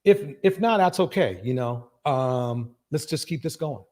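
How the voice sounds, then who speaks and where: A man hosting a live reaction stream. He talks with emphasis, repeats his phrases and breaks into loud bursts of agreement. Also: fairly high pitch, animated, a little slow. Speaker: livestream reaction host.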